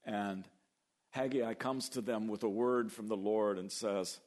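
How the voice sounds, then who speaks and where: Animated male preacher. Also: lowish voice. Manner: animated, acts out biblical voices, slows for emphasis. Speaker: pastor. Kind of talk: sermon.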